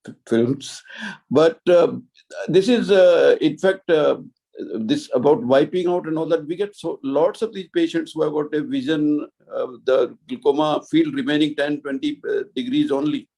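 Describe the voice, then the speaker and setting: An older man, a senior surgeon, giving halting remarks in an online panel, with broken phrasing and many restarts. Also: mid-range voice, gravelly, mellow, poor audio.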